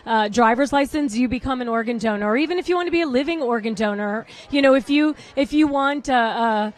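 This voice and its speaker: A woman's voice: on the high side, brisk. A woman hosting a live red carpet pre-show, chatty and easily distracted as she talks to the camera. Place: red carpet at a salon event.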